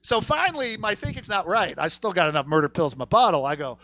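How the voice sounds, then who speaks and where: A man doing a stand-up set on a comedy theater stage, profane, swinging from low mutters to loud punchlines. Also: animated, quick pace, hardly any pauses.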